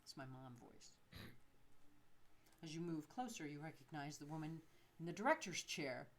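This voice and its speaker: A woman's voice: sits low, lively intonation, moderate pace, a little hiss or hum. Playful woman narrating a game. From United States. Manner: wry, chuckling asides. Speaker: player reading a game.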